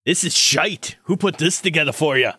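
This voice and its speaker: A man voicing a scruffy, rough-spoken male armorer who jokes and laughs often. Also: on the high side, moderate pace, sharp tone, no echo, clean studio sound, pitched above the performer's own voice. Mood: gruff.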